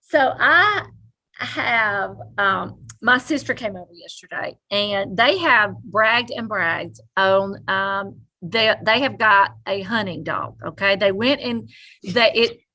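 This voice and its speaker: A woman co-hosting a podcast, telling a story in animated casual chat and laughing often. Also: mid-range voice, takes it slowly. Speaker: podcast co-host.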